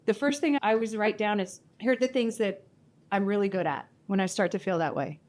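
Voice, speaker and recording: A woman speaking on a live panel at a community event, animated and self-mocking, often acting out her own inner voice. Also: mid-range voice, fairly quick.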